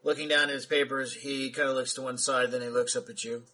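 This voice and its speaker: A man running a tabletop role-playing game as game master, describing scenes and talking rules in a relaxed way. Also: mid-range voice, fast.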